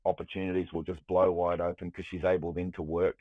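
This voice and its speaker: Deep new guy, rambly and animated, sounds like a dry phone line. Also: quick pace, no room sound. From New Zealand. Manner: animated, rambling with restarts, swears freely. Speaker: guest, music producer. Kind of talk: casual chat.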